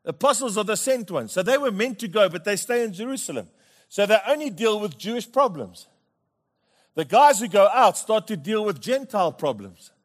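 A middle-aged pastor preaching with lively humour. He repeats words as he builds his points and keeps checking in with "Amen?" His voice sits fairly high. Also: moderate pace. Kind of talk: sermon with comic storytelling.

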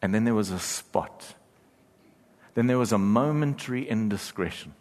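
A man preaching a sermon as pastor, talking earnestly, growing intense and later dropping to a hushed prayer. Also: fairly low pitch, normal speed. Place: church hall. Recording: church hall reverb.

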